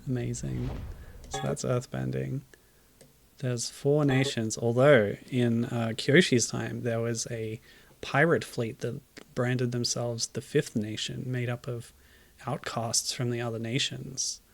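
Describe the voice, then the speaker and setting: A man's voice: mid-range voice, flat delivery, slow, gravelly. A tired man in casual gameplay commentary, making wry, dry jokes and chuckling at the game. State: tired, low energy. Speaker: streamer.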